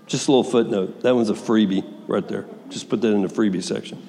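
A man preaching a sermon, reading scripture aloud with lively swings between soft asides and raised, dramatic passages. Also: fast talker, creaky. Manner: lively, wide swings in pitch and loudness, reads scripture dramatically. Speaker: pastor. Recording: long hall reverb.

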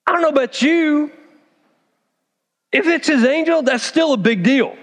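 Brief: high-pitched male pastor, animated sermon storytelling, long reverb of a church hall. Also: normal speed. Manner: animated storytelling, acts out characters.

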